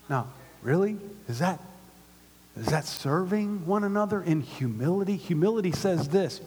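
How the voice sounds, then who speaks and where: A man preaching a sermon to his church, with call-and-response and swings from hushed to loud. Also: high-pitched, lively intonation, moderate pace, slightly rough. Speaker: pastor. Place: synagogue hall used by a church. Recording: long reverb of a large hall.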